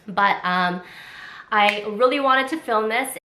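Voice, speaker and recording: A woman vlogger with a head cold, congested and a little raspy, chatting excitedly through an unboxing. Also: medium pitch, slow pace, slight background noise. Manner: chatty and excited, many fillers. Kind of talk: casual unboxing chat. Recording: echoey room.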